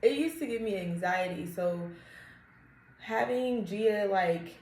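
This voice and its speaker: A young woman co-hosting a casual podcast, candid and quick to laugh. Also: medium pitch, a little mellow, roomy sound. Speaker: podcast co-host. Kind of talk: casual chat.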